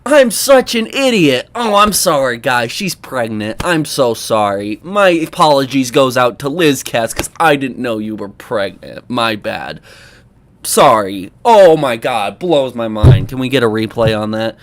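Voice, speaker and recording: Animated young man reacting loudly. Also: medium pitch, unhurried. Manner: animated, exclaiming, sarcastic asides. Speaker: commentary host. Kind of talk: reaction commentary.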